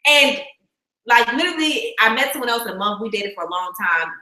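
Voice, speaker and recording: A woman hosts a casual faith conversation, telling stories and acting out quotes. Her voice is high and swoops widely, with a bright, sharp tone. The room around her is echoey. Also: fast, slight background noise. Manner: animated storyteller, acts out quotes. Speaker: host. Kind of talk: casual faith talk chat.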